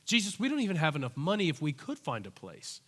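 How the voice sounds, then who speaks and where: A man's voice: a little high, wildly swooping pitch, quick pace, long reverb tail. A man voicing a flustered male disciple who pleads in disbelief. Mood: exasperated. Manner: incredulous, pleading.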